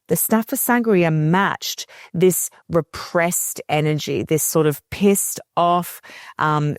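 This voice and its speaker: Woman, earnest and low-voiced. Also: dry recording, studio quality. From Australia. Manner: earnest, animated when retelling clients' words. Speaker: podcast guest. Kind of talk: conversational explanation.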